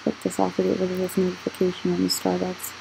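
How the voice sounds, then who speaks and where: A woman's voice: fairly low pitch, monotone, fast, gravelly, dark tone, slight background noise, low-quality recording. A young adult woman hosting her channel, casually walking through her phone's apps and rambling as she wonders aloud why she keeps scrolling. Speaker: channel host. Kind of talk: casual screen walkthrough vlog.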